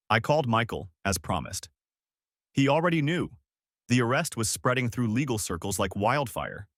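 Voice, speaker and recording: A man narrating a first-person revenge story audiobook in a calm, grim manner. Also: mid-range voice, no room sound, clean studio sound.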